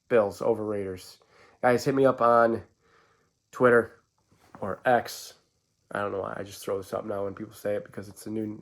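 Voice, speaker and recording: Rambling, stammering man. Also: mid-range voice. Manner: rambling, stammering restarts, swinging inflections. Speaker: sports fan vlogger. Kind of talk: casual sports commentary vlog.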